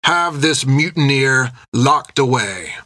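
A man voicing a stern, haughty ship captain who speaks slowly and imperiously. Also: mid-range voice, animated, pushed and bright, no room sound, clean studio sound, full character voice. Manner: slow, clipped, imperious.

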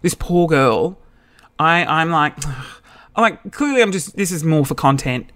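A man's voice: a little high, expressive, unhurried, noisy background. A man, telling a story in a chatty, self-mocking podcast monologue. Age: 30s. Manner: chatty and self-mocking, with campy quoted voices. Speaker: podcast host.

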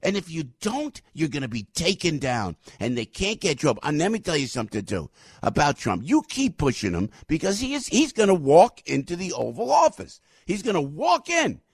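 A man hosting a talk show, giving fired-up political commentary, ranting, repeating himself and bursting into shouts. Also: a little high, wildly swooping pitch, normal speed, slightly rough, no echo, clean studio sound.

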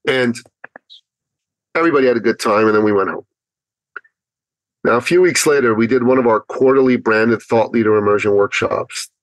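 A man telling a personal story as a guest on an interview podcast, acting out his own thoughts with animated pitch. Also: moderate pace, long pauses, no room sound, rough recording. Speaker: podcast guest, business speaker.

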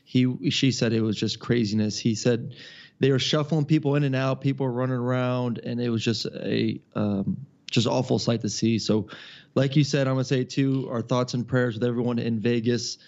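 A man who calls football games, chatting loosely on a sports podcast in a relaxed, rambling way. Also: medium pitch, normal speed, dull audio. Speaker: podcast co-host and football broadcaster. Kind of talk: casual sports podcast chat.

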